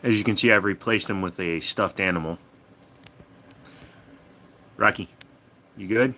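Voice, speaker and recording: A man chatting casually on a live stream, swearing freely and talking to his dog in a high singsong. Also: unhurried, pushed and bright.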